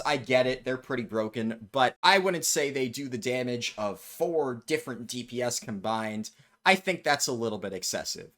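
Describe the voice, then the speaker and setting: A man's voice: medium pitch, a bit bright. A man with a mid-range voice reads out forum posts and answers them with blunt, sarcastic commentary. He talks like a gaming video host speaking straight to his viewers.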